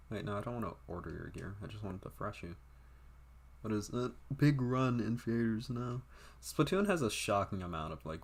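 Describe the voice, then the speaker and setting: A young man rambles through a casual game livestream, tossing out offhand remarks and frequent swearing. His voice sits very low and deep. He talks loosely to his viewers, often trailing off mid-thought. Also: creaky. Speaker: game streamer.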